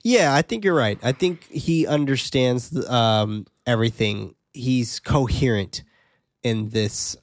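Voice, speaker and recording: With a lowish voice, a man co-hosting a casual podcast recaps a film by reading its plot summary aloud and joking with a friend. He's laid-back and laughs at his own asides, in studio-quality audio with no room sound.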